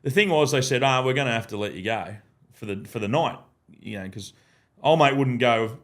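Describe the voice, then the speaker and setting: An Australian man chats in a podcast studio, spinning a sweary story and slipping into the voices of the people in it. He is a guest and a former ground announcer, and he speaks at an ordinary pitch for a man. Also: animated, brisk, a bit bright. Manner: swears freely and acts out other people's lines in his anecdotes. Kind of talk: casual storytelling chat.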